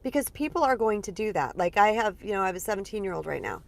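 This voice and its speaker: A woman in her forties coaches her listeners in a relaxed, conversational way. She sounds earnest and lively and keeps checking in with her audience. Her voice sits at an ordinary middle pitch for a woman. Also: fast, vocal fry. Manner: earnest, lively, uses many fillers. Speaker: spiritual empowerment coach. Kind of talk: casual teaching monologue.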